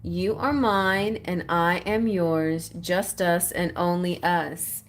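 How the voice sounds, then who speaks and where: A woman's voice: on the low side, steady tone, slow. A woman giving tarot readings on a live stream, reading messages aloud in a playful, giggly way. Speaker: tarot reader.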